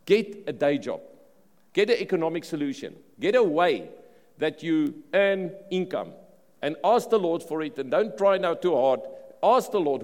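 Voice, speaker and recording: A man with a South African accent preaching a sermon in an animated way, often repeating words and restarting phrases. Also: on the high side. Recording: long reverb of a large hall.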